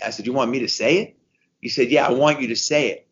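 Male guest, fifties, lively storyteller, middle pitch, dull recording. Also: quick pace. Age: 50s. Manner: animated storyteller, repeats himself, restarts. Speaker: guest, endurance racer. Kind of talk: casual podcast conversation.

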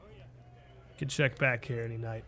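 A man voicing a curt, gravelly woman who runs a criminal guild in a tabletop game, speaking low and businesslike. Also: fairly even intonation, measured pace. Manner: terse and businesslike, low and hushed. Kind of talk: tabletop role-play character voice.

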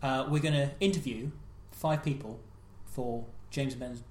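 A man co-hosting a comedy podcast, bantering with deadpan, playful jokes. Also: mid-range voice, a little slow. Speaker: podcast co-host. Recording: echoey room.

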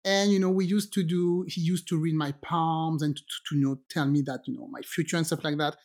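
Lively woman telling a strange story, a bit low-pitched. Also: brisk. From Guadeloupe, French Caribbean. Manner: animated, acts out quoted voices, many restarts. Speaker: podcast co-host telling a story. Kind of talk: casual storytelling chat.

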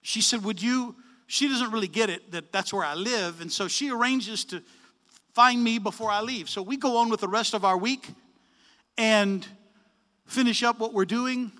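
A man telling a story in a sermon, animated, acting out the dialogue with changes of voice. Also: sits high, normal speed, long reverb tail. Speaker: preacher.

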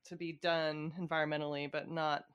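A woman's voice: low voice, level tone, normal speed, clear, resonant tone, muffled recording. A woman talking politics in a casual chat, swearing freely and laughing often.

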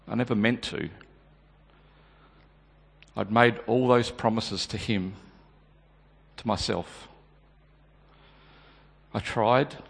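A man performing a dramatic monologue as a remorseful male disciple, stammering and repeating his words. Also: mid-range voice. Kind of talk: dramatic first-person monologue. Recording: long hall reverb.

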